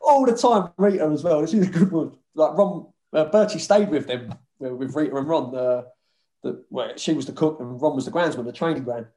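Man, casual storyteller, fairly high voice, laughs a lot, swears. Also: a little fast, mellow, roomy sound. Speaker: former footballer. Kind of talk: casual anecdote-telling.

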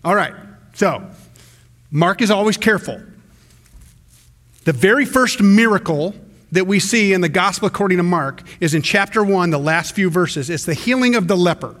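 A male pastor preaching a sermon in a conversational, animated way, often restarting his sentences. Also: sits high, moderate pace, pauses often.

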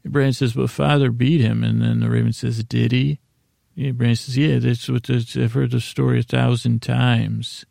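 A man with a very gravelly, dark voice drifts through a rambling episode recap meant to lull listeners to sleep. He speaks in a flat, even tone, halting often and paraphrasing scenes loosely. The sound is close and dry. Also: medium pitch, dry recording. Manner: meandering, halting, loosely paraphrases dialogue in a casual retelling. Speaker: sleep podcast host.

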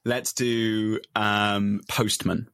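A man co-hosting a casual podcast chat, playful and quick to laugh as he riffs on jokes. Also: fairly low pitch, little pitch movement, a bit bright, clear, resonant tone, dry recording, studio quality. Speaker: podcast co-host.

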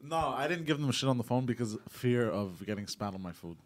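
A man's voice: mid-range voice, expressive, brisk. A man chatting casually as a podcast guest, blunt and profane.

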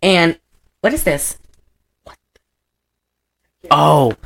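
A woman's voice: low voice, drawn-out words, gravelly, breathy edge, no room sound. A woman hosting a casual chat, rambling through a film recap and slipping into mock voices. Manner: rambling and animated, breaks into loud laughter and mock accents. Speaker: podcast host recapping a film.

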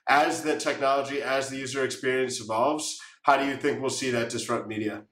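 A male interviewer asks questions in a measured way, padding them with "like" and "kind of". His voice sits in a middle pitch and rings in an echoey room. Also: steady tone, a bit bright.

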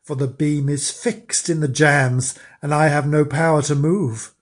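A man's voice: on the high side, fairly even intonation, a little slow. A man voicing a stubborn talking door. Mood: firm. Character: barred wooden door, stubborn and firm.

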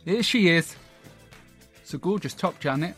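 A man voicing a brash, gossipy middle-aged woman who hosts a talk show, chatty, loud and theatrical in a comic monologue. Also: a little high, expressive, moderate pace, faint music behind. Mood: gushing. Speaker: podcast host.

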